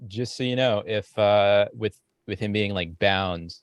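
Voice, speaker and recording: A man narrating as game master in a tabletop game, relaxed with frequent fillers. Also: on the low side, measured pace, clear, resonant tone, dry recording.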